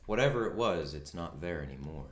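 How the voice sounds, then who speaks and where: Game master: low-pitched man, laid-back narration, roomy room with faint hiss. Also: lively intonation, a little fast. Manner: laid-back, swears casually.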